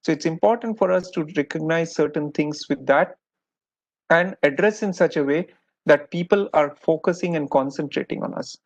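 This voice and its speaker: A man's voice: fairly high pitch, normal speed. A man with an Indian English accent, lecturing postgraduate doctors in a patient, explanatory way. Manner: patient, explanatory, repeats "many a times". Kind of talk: recorded lecture. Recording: dull lo-fi audio.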